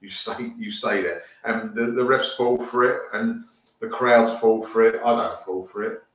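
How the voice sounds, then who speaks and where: A man with a lowish voice airs strong football opinions with indignation. He sits far from the mic, and his voice rings in a strongly echoing room. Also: fairly even intonation, moderate pace. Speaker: podcast panelist. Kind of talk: casual chat. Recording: distant echoey mic.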